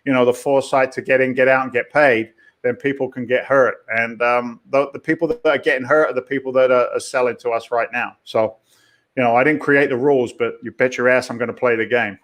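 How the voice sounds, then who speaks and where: A man's voice: medium pitch, steady tone, a little fast, a bit bright. A middle-aged man, a guest talking bluntly and jokingly about investing. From Boston area. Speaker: podcast guest, real estate investor. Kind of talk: casual interview talk.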